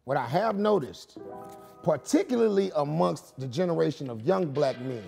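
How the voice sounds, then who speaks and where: A man makes dry, mock-formal objections in a comic courtroom. His voice is gravelly and swings widely in pitch. Faint music plays underneath. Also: animated, normal speed, dark tone. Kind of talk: improvised comic courtroom argument.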